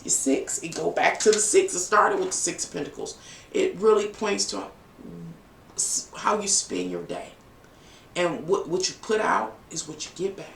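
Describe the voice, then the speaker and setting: Animated and a bit bright, this gravelly medium-pitched voice moves at normal speed. A tarot reader rambles through a casual, emotional reading for viewers, emphatic and heavy on fillers, with faint noise, an echoey room, and distance from the mic.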